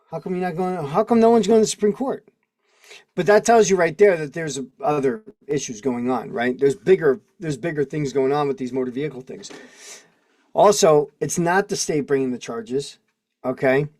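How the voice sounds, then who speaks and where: On a casual livestream picked up by a video call microphone, a man with a voice on the high side and a darkish tone answers chat comments. As host, he preaches using strings of rhetorical questions.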